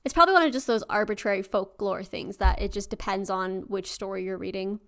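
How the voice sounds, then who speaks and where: A woman co-hosting a podcast, reading a folktale aloud and chatting between passages in a lively way, laughing easily. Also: mid-range voice, brisk. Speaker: podcast co-host and storyteller. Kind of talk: story reading and casual chat.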